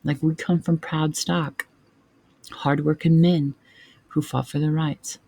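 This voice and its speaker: Earnest man with gravelly low tone. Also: level tone, slow, darkish tone, no room sound. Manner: conversational, earnest, frequent filler phrases. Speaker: family vlogger. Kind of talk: casual heartfelt vlog address.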